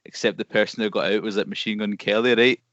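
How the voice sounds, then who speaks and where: A young Scottish man telling a story in a relaxed, rambling way during a casual podcast chat. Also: fairly low pitch, fast talker, no echo, highs cut off. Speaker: podcast co-host. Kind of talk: casual chat among friends.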